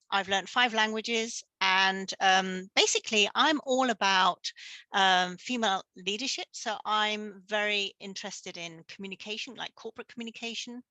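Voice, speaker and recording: A woman's voice: medium pitch, pushed and bright, no room sound, low-quality recording. A woman who coaches communication and hosts a podcast, introducing herself casually with many fillers. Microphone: video call.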